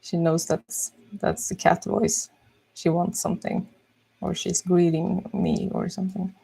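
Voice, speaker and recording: A young woman chatting softly and musing slowly while she draws on a live stream. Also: fairly low pitch, level tone, creaky, slightly rough. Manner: soft-spoken, slow and musing. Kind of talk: casual chat while drawing.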